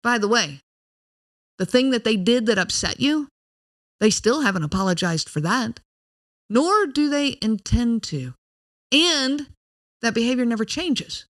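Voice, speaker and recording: A woman's voice: fairly high pitch, animated, a little slow, pauses often. A woman hosting a podcast, explaining in an earnest, direct way and speaking straight to the listener. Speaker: podcast host.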